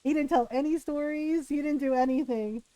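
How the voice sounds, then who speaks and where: A woman streamer casually telling a story to her live chat, animated and laughing often, checking in with "right?". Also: sits high, moderate pace, no echo, rough recording.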